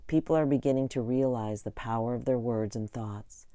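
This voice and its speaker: Brief: man narrator, calm even audiobook read, mellow tone, dry booth sound. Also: medium pitch, normal speed, no echo. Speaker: audiobook reader. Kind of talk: audiobook narration of an inspirational book.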